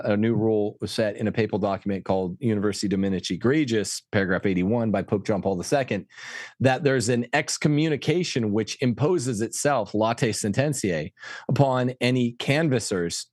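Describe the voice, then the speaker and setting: A man speaking as a guest commentator on church affairs, talking fast and insistently in opinionated podcast style. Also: mid-range voice, a little mellow, dry recording, studio quality. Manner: emphatic, rapid, insistent.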